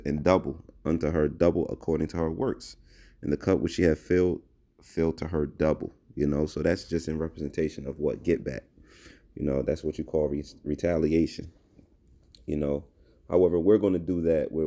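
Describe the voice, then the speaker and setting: A man teaching from scripture in a halting way, with many fillers, reading verses aloud. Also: very deep voice, fairly even intonation, dark tone. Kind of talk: bible-based commentary.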